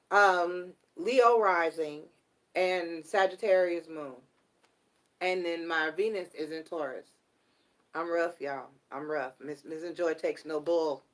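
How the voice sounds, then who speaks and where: A middle-aged woman giving a casual live tarot reading, blunt and animated and swearing freely. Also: fairly low pitch. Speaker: tarot reader.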